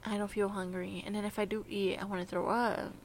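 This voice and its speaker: A woman's voice: medium pitch, level tone, brisk, slight background noise. A young adult woman talking in a casual, confessional vlog monologue, rambling and hesitant, with many "like" fillers. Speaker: vlogger.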